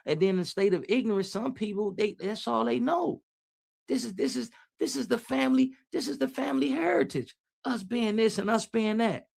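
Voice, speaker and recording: A man's voice: high-pitched, vocal fry. A man giving casual, preachy motivational talk on a livestream, using street slang and repeating his phrases as he reads the chat.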